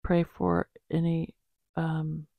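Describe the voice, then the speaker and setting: A woman hosting a Bible-reading channel, praying aloud in a halting way with frequent pauses, then signing off casually. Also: low voice, lively intonation, no echo, narrow, tinny audio. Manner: slow, halting prayer with many pauses. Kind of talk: spoken prayer and casual sign-off.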